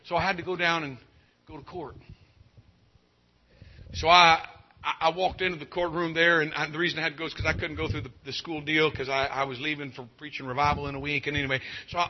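Male revival preacher, husky tone, folksy and fervent, lo-fi capture. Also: on the high side. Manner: folksy storytelling building to shouted preaching. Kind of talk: revival sermon with personal story.

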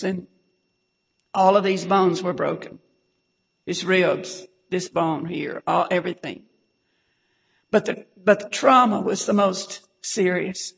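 A woman preaches a fervent, emotional testimony, often breaking into hallelujah and sinking to a hush for the saddest parts. Her voice has a gravelly, creaky edge. It rings out with a long reverb through a church hall. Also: medium pitch. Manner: fervent, repeats hallelujah, drops to a hush at times.

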